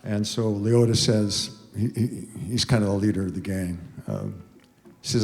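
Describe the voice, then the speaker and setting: An older man of around 80 speaks from a concert stage in a somewhat low voice, stumbling through an emotional story with restarts and fillers. His words ring out with the long reverb of a concert hall. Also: normal speed, creaky, few pauses, a little mellow, faint music behind. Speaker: singer telling a story on stage. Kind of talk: rambling spoken stage story between songs.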